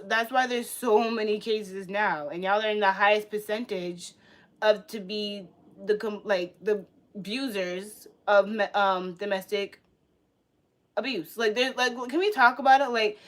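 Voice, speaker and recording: A woman ranting to her viewers on a livestream, blunt and profane, swinging between loud outbursts and low muttering. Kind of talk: casual rant to viewers.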